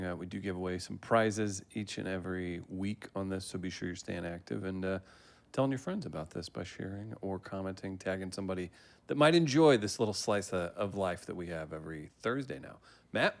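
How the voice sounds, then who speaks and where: A man hosts a livestreamed trivia night in a chatty, joking way and laughs often. His voice sits on the low side. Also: fairly quick. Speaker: trivia host. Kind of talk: casual livestream hosting.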